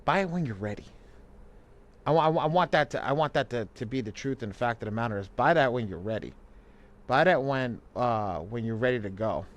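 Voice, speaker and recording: A man's voice: medium pitch, a little fast. Rambling, laughing man teaching a live class. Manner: loose and rambling, frequent restarts, laughs easily. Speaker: co-host and credit coach.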